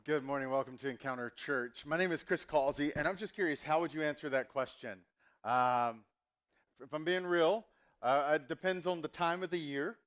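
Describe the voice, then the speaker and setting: A man's voice: a little high, moderate pace, a bit bright. A pastor in his forties from the Southern US, preaching a sermon in a casual, chatty, self-mocking way with plenty of ums. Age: 40s.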